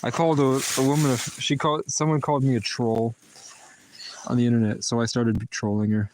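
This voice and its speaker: A man's voice: mid-range voice, little pitch movement, fairly quick, darkish tone, slight background noise, rough recording. A man rambling and ranting in a casual vlog, muttering profanities to himself. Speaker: vlogger.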